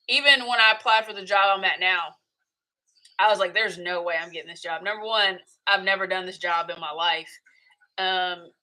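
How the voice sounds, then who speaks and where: Bright-voiced chatty woman host. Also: mid-range voice, poor audio. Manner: chatty, emphatic, acts out her inner voice. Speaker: podcast host. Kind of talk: casual talk to camera.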